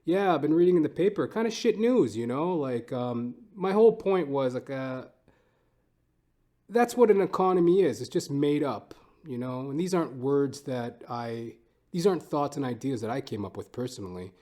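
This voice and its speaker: A man's voice: mid-range voice, expressive, moderate pace, mellow. A man hosting his own podcast, talking in a casual, rambling, profane and self-mocking monologue from home. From Canada. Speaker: podcast host.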